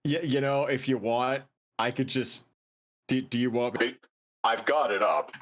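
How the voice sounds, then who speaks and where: A man's voice: mid-range voice, fairly even intonation, a little slow, a bit bright. A man streamer in casual chat, making joking, incredulous remarks.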